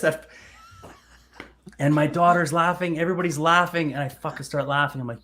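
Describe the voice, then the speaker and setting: A man's voice: on the high side, steady tone, fairly quick, pauses often, sharp tone. A man in his thirties hosting a podcast, telling stories in a casual chat, swearing freely and laughing as he goes. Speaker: podcast host.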